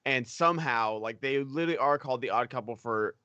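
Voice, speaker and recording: Young guy rambling on a live panel, bright voice, dry close sound. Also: medium pitch, quick pace, no echo, dull audio. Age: young adult. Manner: rambling with many fillers. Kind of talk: casual chat.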